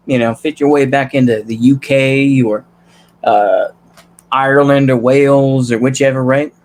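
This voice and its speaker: A young man from Texas giving a rambling, casual monologue, loosely tagging his points with "you know" and "right?". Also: fairly high pitch. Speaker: political commentary vlogger.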